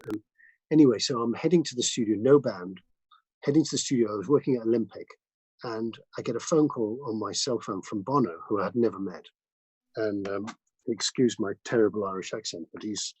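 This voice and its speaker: A man, a mixing engineer, telling studio anecdotes as a guest in a casual interview, lively and full of restarts. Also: fairly low pitch, husky, dry recording, rough recording. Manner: animated anecdotes with many restarts and fillers.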